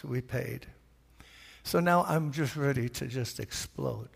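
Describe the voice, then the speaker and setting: Older new york pastor, brooklyn accent, gravelly and kinda high, acting out a story in a sermon, big echoey church. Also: male voice, takes it slowly. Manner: animated storyteller, acts out voices. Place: large church. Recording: reverberant church hall.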